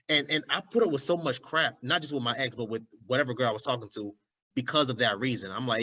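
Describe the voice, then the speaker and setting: A young adult man in a casual podcast chat, talking in an animated, slangy way and often adding "you know what I'm saying.". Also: medium pitch, quick pace, rough recording.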